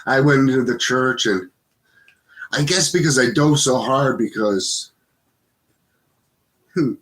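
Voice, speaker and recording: A man's voice: mid-range voice, unhurried, a bit bright. A man in his fifties, co-hosting a podcast in casual conversation, rambling with many fillers. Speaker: podcast co-host.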